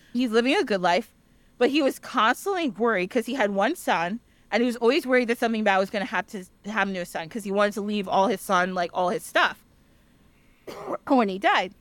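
A young woman hosting a podcast, casually retelling an old tale in a chatty, animated way with lots of "like" fillers. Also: medium pitch, no room sound. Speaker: podcast host. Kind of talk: casual storytelling.

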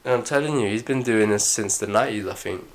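A young man, co-hosting a casual chat and telling long, animated, slangy stories. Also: fairly low pitch, fast talker, slight background noise. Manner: animated, slangy, rambling storyteller. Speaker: podcast co-host.

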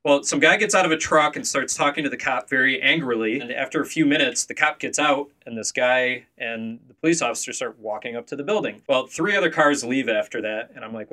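A man in his thirties hosting a podcast with a bright, forceful voice. He tells stories in an animated way and laughs often. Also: medium pitch, a little fast, few pauses. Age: 30s. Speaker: podcast host. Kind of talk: casual storytelling.

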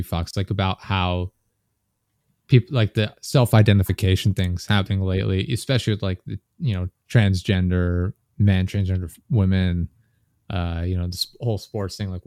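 Young dude podcast host, low voice, rambly, dead dry mic. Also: male voice, a little mellow, dry recording. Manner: rambling, filler-heavy storytelling. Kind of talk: casual chat.

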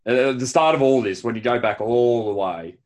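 A man's voice: medium pitch, fairly quick, darkish tone. An Australian man co-hosting a podcast, chatting casually and teasing his friend. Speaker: podcast co-host. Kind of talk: casual chat.

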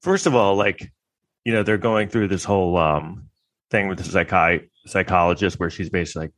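A man's voice: deep voice, fairly quick, a bit bright, no room sound. A man delivering a rambling, crude, sarcastic comedic monologue.

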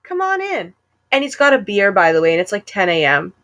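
A woman co-hosting a podcast, chatting casually and retelling a story in an animated, giggly way with lots of "like". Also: lowish voice, quick pace. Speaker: podcast co-host. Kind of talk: casual chat.

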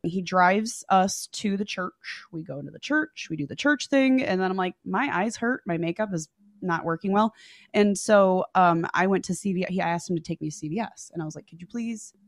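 A young woman on a podcast telling a dating story, animated and profane, acting out what people said. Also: lowish voice, fairly quick, dry recording, clean studio sound. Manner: animated, swears freely, acts out quotes. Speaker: podcast guest. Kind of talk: casual storytelling chat.

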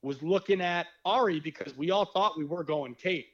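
A young man, a former reality game contestant, telling stories in a rambling, animated casual chat. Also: high-pitched, moderate pace, lo-fi sound. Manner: rambling, animated storytelling with fillers.

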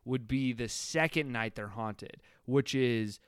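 A man's voice: medium pitch, takes it slowly, clear, resonant tone, dry recording, studio quality. A man casually reviewing a horror movie with friends, rambling and laughing as he acts out quotes. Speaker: podcast co-host.

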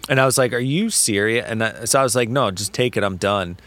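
A man co-hosting a podcast, telling a story in casual chat, animated and full of swearing and quoted back-and-forth. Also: fairly low pitch, fairly quick. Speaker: podcast co-host.

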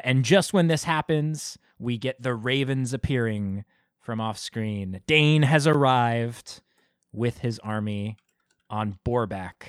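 A man co-hosting a casual podcast, retelling film scenes with lively quoted voices. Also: mid-range voice, no echo, studio quality. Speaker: podcast co-host. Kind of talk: casual film review chat.

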